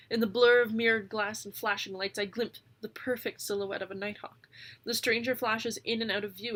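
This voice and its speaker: Female reader, lively first-person storybook narration, occasional amused asides. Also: medium pitch. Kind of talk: audiobook narration.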